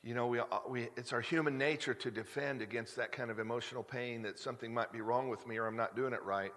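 A middle-aged male pastor gives a sermon in an easy, confiding tone, stumbling and restarting before pushing words out with sudden emphasis. His voice sits at an ordinary pitch for a man. The sound rings out with the long reverb of a large hall. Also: steady tone, fast, fairly bright tone. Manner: conversational and confessional, many restarts, rising to emphatic peaks.

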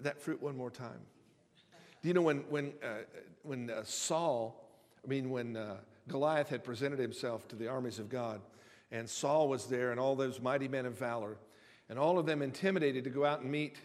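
A male pastor with a medium-pitched voice delivers a conversational sermon, stumbling over and repeating words. He retells stories with humor, and long hall reverb colors the sound.

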